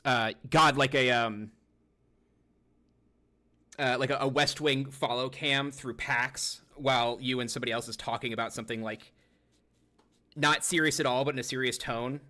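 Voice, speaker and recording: A man's voice: medium pitch, steady tone, moderate pace, pauses often, sharp tone. A man streaming live, chatting casually with his viewers in a rambling, profane way and talking to himself while he browses.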